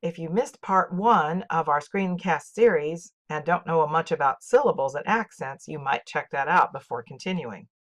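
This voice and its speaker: A woman teaching, reading a scripted poetry lesson in a clear, measured way and reciting poems with marked rhythm. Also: low voice, lively intonation. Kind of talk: scripted educational narration.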